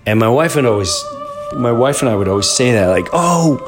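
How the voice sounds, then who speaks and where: A middle-aged man hosts his own podcast and tells a long personal story. His voice sits low, and he talks in an animated, rambling way, often circling back and repeating himself. Faint music plays behind him. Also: fast talker. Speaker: podcast host. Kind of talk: casual storytelling monologue.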